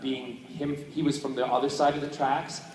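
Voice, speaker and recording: A chatty, playful man fields questions from fans, laughing as he goes. His voice sits in a big, echoey hall and reaches the recorder from a distance. Steady hiss runs underneath. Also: mid-range voice, moderate pace. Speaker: convention panel guest. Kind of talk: fan Q&A panel. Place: large convention hall. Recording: echoey hall, picked up from afar.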